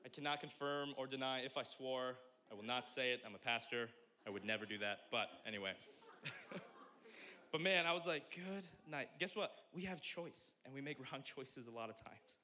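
A young man preaching a sermon as pastor, joking and animated, swinging from loud exclamations to quiet asides. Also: medium pitch, moderate pace.

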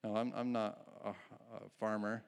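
A man's voice: fairly low pitch, level tone, measured pace, vocal fry. A male pastor giving a conversational sermon, often restarting his phrases and chuckling at his own asides.

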